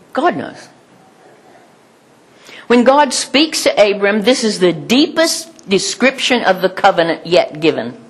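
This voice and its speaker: Husky older woman preaching a sermon. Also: lowish voice. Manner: animated, laughing often, rhetorical questions. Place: church hall with congregation.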